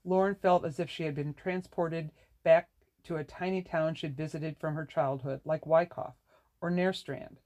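A reader narrating a novel in a measured, even way. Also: mid-range voice. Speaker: audiobook narrator. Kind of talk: scripted narration.

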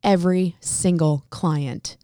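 Speaking slowly in a lowish, clear, resonant voice, this Connecticut hairstylist and salon owner shares stories in a casual interview. She's a lively storyteller who acts out what people said, and the recording is dry and studio quality.

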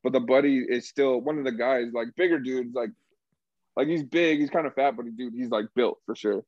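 A young man telling a story in a casual chat, swearing a lot and loudly acting out the people he quotes. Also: medium pitch, moderate pace, no echo. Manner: animated, profane, acts out quotes loudly. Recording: dull lo-fi sound.

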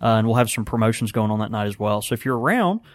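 A man's voice: on the low side, fast talker, dry recording, clean studio sound. A man, co-hosting a casual podcast chat and laughing easily between thoughts. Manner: laughs often, animated impressions. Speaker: podcast co-host and pipe shop keeper.

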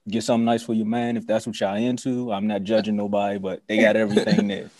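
A man hosting a podcast in a casual, joking way, reading a sponsor spot and spelling things out slowly. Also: lowish voice, flat delivery, darkish tone, no room sound. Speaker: podcast host. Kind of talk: casual podcast chat with an ad read.

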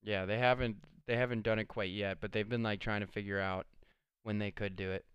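A man's voice: fairly low pitch, fairly even intonation, brisk, fairly bright tone, clean tone, dry recording, highs cut off. A young man telling a rambling party story in casual chat, laid-back, with plenty of swearing and filler words. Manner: laid-back, swears a lot, lots of "like" and "dude".

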